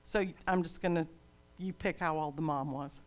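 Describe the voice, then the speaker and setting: A woman's voice: low voice, steady tone, moderate pace. An older woman pastor delivering a sermon in a dramatic storytelling manner.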